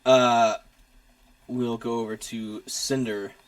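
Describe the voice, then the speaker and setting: A man narrating a tabletop game as game master, laughing often and filling pauses with uh. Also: mid-range voice, flat delivery. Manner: laughs often, many filler uhs.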